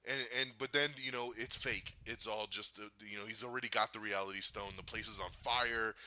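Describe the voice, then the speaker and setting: A man chats through a film review with loads of energy. His tone is sharp and forceful, and he keeps slipping into exaggerated voices when he quotes the characters. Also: on the low side, a little fast, no room sound. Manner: excitable, acts out quotes in funny voices, swears. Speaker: podcast host. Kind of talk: casual movie review chat.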